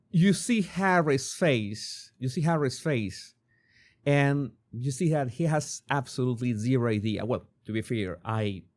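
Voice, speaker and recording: A man with a Spanish accent, a native Spanish speaker, hosting a commentary channel in a casual, animated way, often stammering and repeating words. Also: mid-range voice.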